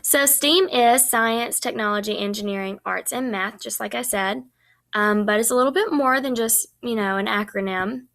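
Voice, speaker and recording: Young woman, student presenter, chatty with frequent ums, some vocal fry. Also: fairly high pitch, normal speed, fairly bright tone. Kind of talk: recorded class presentation.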